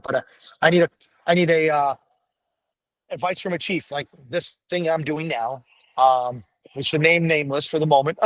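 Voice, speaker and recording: A man's voice: mid-range voice, dry recording, low-quality recording. A middle-aged man, a veteran firefighter, talking bluntly and with lots of swearing as a podcast guest. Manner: blunt, profane, animated storytelling. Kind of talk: candid podcast conversation.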